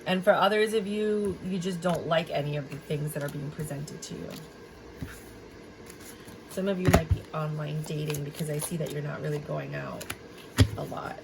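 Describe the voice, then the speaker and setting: A woman's voice: low-pitched, fairly even intonation, moderate pace, creaky, background noise. A woman giving a casual tarot reading straight to her viewers, chatty and full of fillers, easily cracking herself up. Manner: chatty, filler-heavy, addresses viewers directly; prone to giggling fits. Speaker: tarot reader.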